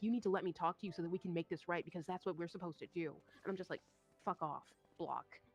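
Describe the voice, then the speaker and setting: A young woman streamer telling a story in casual chat, animated and swearing, acting out what others said. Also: fairly low pitch. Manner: animated, swearing, acts out quoted voices.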